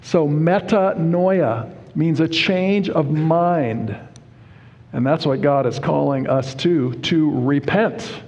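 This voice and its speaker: A man preaching a sermon, explaining Bible verses word by word in a deliberate, emphatic way. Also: on the high side, darkish tone. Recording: reverberant hall.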